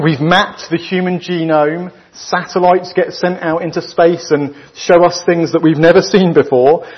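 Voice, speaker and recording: A man with a British accent preaching a sermon to a church, emphatic and full of rhetorical questions, leaving weighty pauses between his phrases. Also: a little high, slightly rough. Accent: British English. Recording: dull lo-fi recording.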